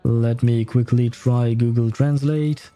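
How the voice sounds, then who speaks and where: Slow, dark-voiced man streaming. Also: medium pitch, steady tone, dry recording, faint music behind. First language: French. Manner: chatty, amused, nitpicky asides. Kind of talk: casual let's-play commentary.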